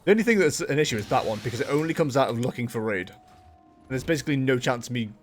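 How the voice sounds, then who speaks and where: Chatty man with lively pitch. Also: fast, faint music behind. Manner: rambling, chatty, with frequent fillers and self-corrections. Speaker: streamer. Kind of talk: casual gameplay commentary.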